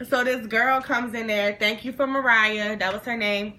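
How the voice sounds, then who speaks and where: A young woman vlogger telling a story to camera in a casual, animated way, acting out the voices and swearing freely. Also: on the high side, moderate pace. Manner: animated, acts out every voice in her story. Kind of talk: storytime monologue.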